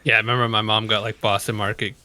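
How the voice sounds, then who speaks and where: A man's voice: lowish voice, level tone, fast talker, bright, forceful tone, no room sound. A man guesting on a podcast, bantering casually with laughter and swearing. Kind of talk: casual chat.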